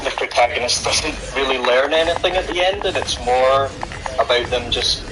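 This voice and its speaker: A man's voice: mid-range voice, moderate pace, background noise. A Scottish man calling in to a show, chatty and agreeable in casual conversation. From Scotland. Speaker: caller. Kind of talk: casual call-in chat.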